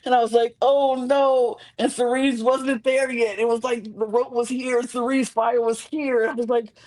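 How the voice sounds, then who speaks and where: Male podcast co-host, AAVE, casual recap chat, very animated, dramatic pitch jumps. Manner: animated, acts out reactions with big pitch swings.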